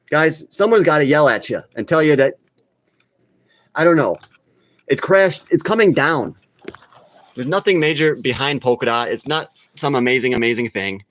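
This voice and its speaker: A man's voice: mid-range voice, expressive, normal speed, pauses often, a bit bright. A man hosting a live crypto talk stream, talking casually and bluntly, getting worked up and scolding his viewers. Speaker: crypto channel host.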